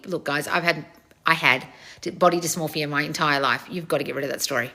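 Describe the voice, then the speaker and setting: A woman's voice: low-pitched, steady tone, fairly quick, pushed and bright. A woman hosting a casual live Q&A as a coach, reading out viewer comments and answering them bluntly, swearing often and calling people darling.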